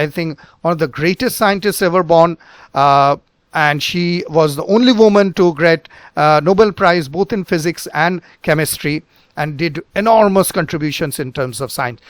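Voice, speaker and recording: A man hosting a physics channel, teaching pronunciation slowly with many pauses, fillers and repeated words. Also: on the high side, smooth, no room sound, clean studio sound. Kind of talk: pronunciation lesson.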